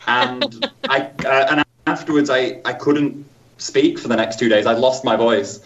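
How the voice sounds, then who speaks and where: A man's voice: mid-range voice, big pitch swings, measured pace, vocal fry, fairly bright tone. Jokey man, a bit distant. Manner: jokey, laughs often, playful voices. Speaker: game company staff guest. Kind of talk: casual chat on a livestream.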